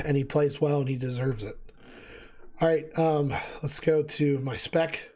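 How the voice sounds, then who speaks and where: A man's voice: on the high side, measured pace. Man losing his voice explaining gear. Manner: relaxed, thinking aloud with fillers. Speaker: gaming video host. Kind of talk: casual gameplay gear explanation.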